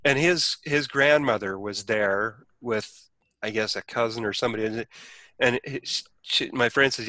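A man's voice: medium pitch, normal speed, sharp tone, no room sound. A man telling a personal story in casual conversation, rambling with many restarts and acting out quoted speech.

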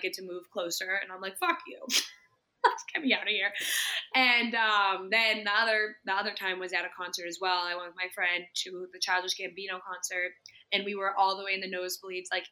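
A young woman with a bright, forceful voice tells a story in a loose, chatty way. She swears freely and slips into her own panicked inner voice, often dropping to a hushed near-whisper. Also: medium pitch. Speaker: podcast co-host. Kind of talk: casual chat.

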